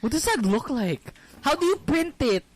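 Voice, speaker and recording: A man's voice: very high voice, very animated, moderate pace, a crowd in the background. A man in his late twenties with a Filipino accent, hosting a casual podcast chat and teasing his co-hosts as he slips into Tagalog. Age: late 20s. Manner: playful, teasing, switching into Tagalog. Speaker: podcast host.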